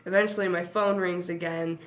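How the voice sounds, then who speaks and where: A woman's voice: fairly low pitch, brisk. A woman telling a casual anecdote as an interview guest, acting out quotes and laughing often. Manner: lively storyteller, acts out quotes, laughs often.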